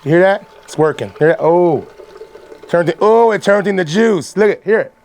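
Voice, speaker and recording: The man's voice is high-pitched with vocal fry, delivered at a normal speed. He's a vlogger casually talking his viewers through making fresh juice in the kitchen, while loud juicer noise sits on top of his speech.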